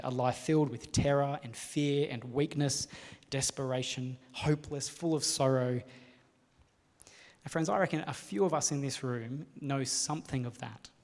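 A man preaching a sermon to a gathered room, speaking in an earnest, measured way and pausing for rhetorical questions. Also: medium pitch, darkish tone. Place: hall with a live audience. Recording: long reverb of a large hall.

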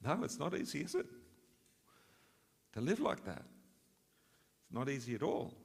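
Guy preaching a sermon, earnest, mid-pitched, asks the crowd questions, long hall echo. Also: big pitch swings, normal speed, vocal fry, husky. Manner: earnest, asks rhetorical questions, swells for emphasis.

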